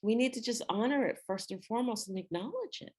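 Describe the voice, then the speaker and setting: A woman with a slightly high voice talks fast while co-hosting a podcast. She tells stories with lots of animation, acting out quoted lines in a casual storytelling conversation.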